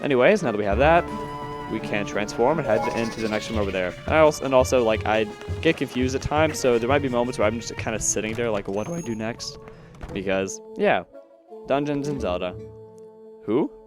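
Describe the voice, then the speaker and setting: A man's voice: medium pitch, a little fast, over music. A man doing post-recorded gameplay commentary, rambling and self-deprecating with plenty of fillers. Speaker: let's play commentator.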